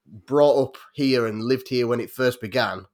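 A man's voice: medium pitch, measured pace, darkish tone. A man with a North Yorkshire accent in casual podcast chat, rambling with lots of restarts and fillers. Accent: North Yorkshire English. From North Yorkshire, England.

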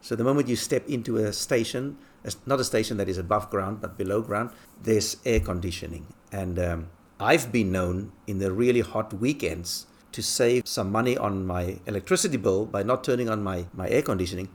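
A man from England who lives abroad, telling relaxed, chuckling anecdotes in a casual monologue. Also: on the low side, normal speed. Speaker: expat talking about life abroad.

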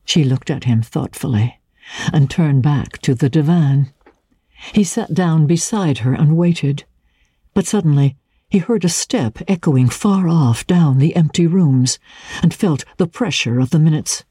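A woman giving a measured, deliberate dramatic reading of a classic novel. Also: deep voice, warm tone, husky, dry recording, clean studio sound. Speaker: reader.

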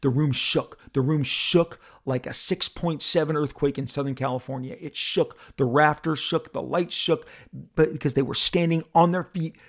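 A man hosting a podcast, telling a story in an animated monologue and acting out the people in it. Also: on the high side, normal speed. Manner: excitable, acts out the crowd and others in bursts.

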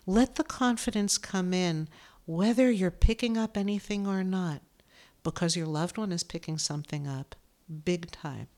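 A woman medium and author giving a gentle, soothing spiritual talk, emotional at times. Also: medium pitch. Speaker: medium and author, podcast host.

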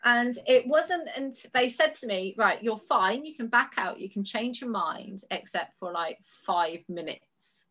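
A woman from the UK, a mother and podcast guest, telling a story in an animated, laughing way. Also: on the high side, measured pace, hardly any pauses. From United Kingdom. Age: adult with school-age children. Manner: animated, laughs often, breaks into squeals. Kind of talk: casual storytelling chat.

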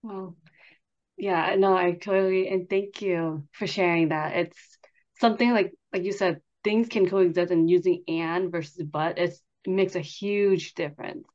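Podcast host, woman, low-ish voice, filler-heavy, muffled lo-fi sound. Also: steady tone, darkish tone. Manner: halting, filler-heavy questions. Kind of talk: conversational interview. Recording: dull, lo-fi sound.

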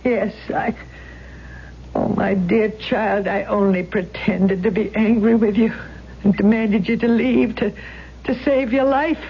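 A woman's voice: mid-range voice, fairly even intonation, measured pace, highs cut off, a little hiss or hum, close to an everyday voice. An actress playing an elderly, guilt-ridden landlady and former actress, speaking hesitantly and stammering in a 1970s radio drama. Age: older.

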